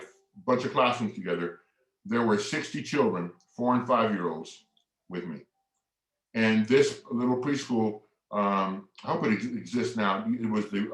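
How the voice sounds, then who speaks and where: A man presenting a family workshop, telling a story in a lively way, acting out quotes and leading the audience in movements. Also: fairly low pitch. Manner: animated storyteller who acts out quotes and leads the audience in movements. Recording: echoey room.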